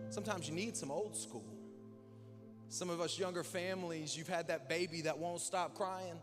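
A young male pastor preaching in a church hall, his voice carrying a long reverb. His tone sits a bit high for a man. He swings between quiet, drawn-out lines and loud, punchy ones, with relaxed, chatty asides. Music plays steadily behind him. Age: young adult. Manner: dynamic, swinging from hushed and slow to loud and emphatic; casual, conversational asides with fillers like "like" and "man". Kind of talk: sermon. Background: background music.

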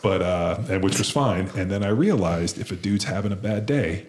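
A man who played football telling profane, animated stories in a casual chat. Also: low voice, normal speed. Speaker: podcast host, former football lineman.

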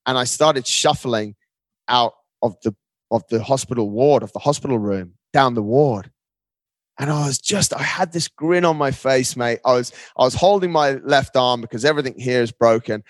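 A male guest recounts his story with animated energy, dropping "mate" into nearly every sentence. His voice sits in a middle register. The recording is dry and close, with no room sound. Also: mid-range voice, normal speed, no echo. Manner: animated, often says "mate". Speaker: podcast guest. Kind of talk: casual storytelling conversation.

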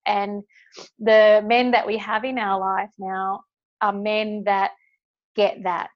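A woman hosting a podcast, tearful and heartfelt, talking warmly and effusively with friends. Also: mid-range voice, little pitch movement, slow, dull audio. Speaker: podcast host. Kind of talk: emotional podcast conversation.

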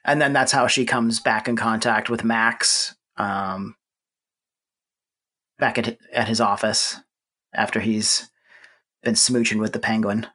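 A man co-hosting a podcast, recapping a movie in a relaxed, wry way. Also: fairly low pitch, takes it slowly, long pauses. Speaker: podcast co-host. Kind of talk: casual movie-discussion chat.

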